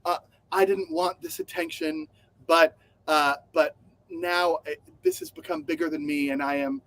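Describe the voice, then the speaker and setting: Man, podcast co-host, high voice, animated, sweary, acts out quotes, dry sound. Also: normal speed, dry recording. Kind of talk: casual news chat.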